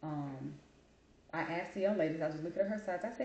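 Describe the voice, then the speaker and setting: A woman talks through her own stories in a loose, chatty monologue, full of asides to her listeners. Her voice sits a little low. The room is echoey and the recording sounds dull and lo-fi. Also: fairly quick, darkish tone, a little hiss or hum. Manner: chatty, storytelling, Southern colloquial phrasing. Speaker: host. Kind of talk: casual monologue.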